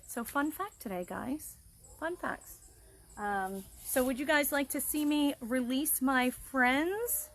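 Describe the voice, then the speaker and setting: This wildlife educator's voice sits high and a bit bright, and she speaks at a slow pace. Outdoors beside a pond, she cheerfully explains nature to kids over a live stream, addressing them directly.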